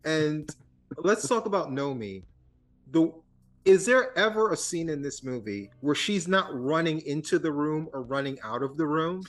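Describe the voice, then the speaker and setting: Animated man mocking a bad movie. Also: a little high, unhurried. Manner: animated, swearing, mocking impressions. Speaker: podcast co-host. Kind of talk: casual film discussion.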